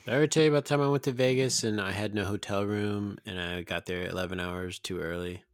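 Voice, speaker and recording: A man with a very low voice chatting on a podcast, recorded dry and close with no room sound. He rambles through his stories and pokes fun at himself. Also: steady tone, quick pace, no echo. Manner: rambling storyteller, self-deprecating. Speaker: podcast co-host. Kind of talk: casual chat.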